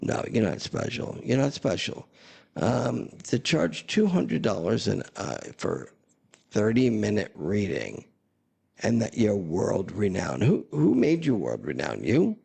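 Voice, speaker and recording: A man's voice: lowish voice, very animated, measured pace, creaky, warm tone, husky. A man hosting a casual chat, talking in a blunt, sarcastic, rambling way. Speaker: host.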